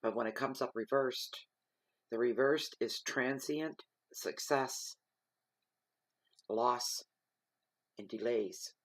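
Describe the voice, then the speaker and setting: A man giving a slow, reflective spoken tarot reading, reading card keywords aloud. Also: mid-range voice, fairly bright tone, no echo. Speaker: tarot reader.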